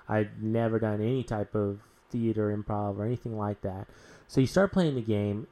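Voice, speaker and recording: A man's voice: mid-range voice, a little mellow. A man chatting casually as a tabletop role-playing player, rambling and full of restarts. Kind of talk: casual podcast chat.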